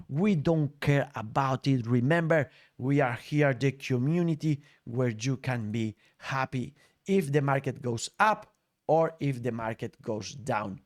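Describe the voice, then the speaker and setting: A man hosting a crypto news show, upbeat and jokey, with nonnative phrasing. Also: on the high side. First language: Spanish. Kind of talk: casual news commentary over clips.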